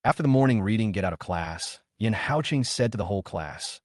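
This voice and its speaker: A man narrating a comic story recap in a steady storytelling manner. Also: lowish voice, a little fast, no room sound, studio quality.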